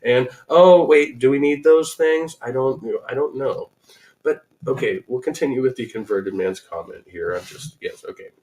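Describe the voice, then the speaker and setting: A man with an average-pitched voice reads a blog post aloud and talks back to it. He rambles and restarts often, and sharpens into sarcastic asides. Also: moderate pace, a little mellow, slight background noise, low-quality recording. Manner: rambling, sarcastic, with many restarts and self-corrections. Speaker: host reading and reacting to a blog post. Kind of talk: casual commentary.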